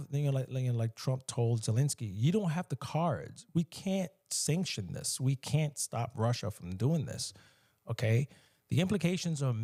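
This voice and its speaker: This is solo commentary from an American man with a mid-range voice, delivered with animation and emphasis and peppered with mocking voices.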